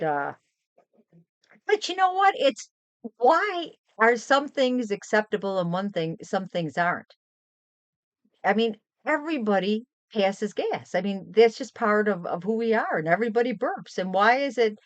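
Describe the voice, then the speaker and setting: A woman's voice: medium pitch, no echo. An older woman streamer telling chatty, rambling stories in a casual live stream. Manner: chatty, rambling, animated storytelling. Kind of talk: casual chat. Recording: dry, dull lo-fi stream audio.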